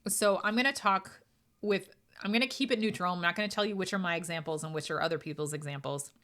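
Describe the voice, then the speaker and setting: Candid woman medium, lowish voice. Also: quick pace. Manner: candid, animated storytelling with quoted asides. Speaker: podcast host, medium. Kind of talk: casual solo podcast talk.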